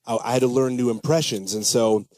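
A man's voice: mid-range voice, fairly quick, a little mellow. A man, a comedian and impressionist, telling a rambling story in casual talk-show chat, with many fillers and restarts. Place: radio studio.

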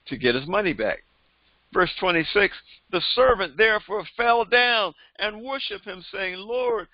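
A man with a notably high voice delivers a Bible-teaching sermon. He moves between reading scripture and retelling it in everyday speech, repeating points and addressing his listeners directly. The recording is dry and slightly dull, with a lo-fi quality. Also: no echo. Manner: reads scripture aloud, then retells it in plain everyday speech. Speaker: pastor.

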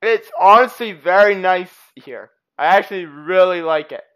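A gaming channel host giving excitable let's-play commentary, quick to laugh and shriek. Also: medium pitch.

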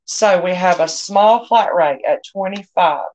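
A woman's voice: lowish voice, unhurried, darkish tone. A middle-aged woman, hosting a live online sale in a chatty, folksy way and greeting viewers by name. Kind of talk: casual live-stream selling chat.

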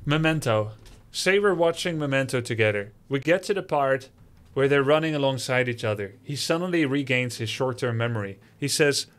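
A man's voice: fairly high pitch, moderate pace, fairly bright tone. Sarcastic male streamer reading chat. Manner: sarcastic, mocking, theatrical. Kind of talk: livestream reading chat messages.

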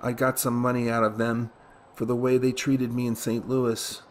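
A man reading a first-person story aloud as an audiobook, in a steady, measured way. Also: medium pitch, slight background noise. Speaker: audiobook reader.

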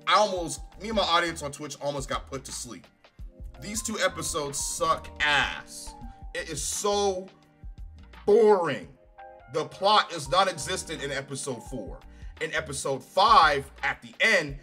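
A man's voice: a little high, bright, forceful tone. A man giving a casual, profane, sarcastic review of a TV show from his home recording setup.

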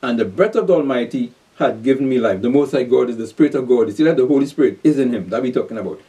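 A man preaches a sermon, reading scripture slowly and then pressing his point with rhetorical questions and short laughs. His voice is mellow and dark, and he sits some distance from the microphone. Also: mid-range voice, animated. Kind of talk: sermon, Bible reading and exposition. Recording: voice distant from the mic.

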